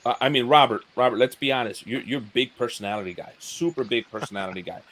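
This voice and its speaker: A man's voice: medium pitch, fast. A man sharing his thoughts in a casual live stream chat, earnest and prone to repeating words. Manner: earnest, repeats words, mimics a dull flat speaker. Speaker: YouTuber guest.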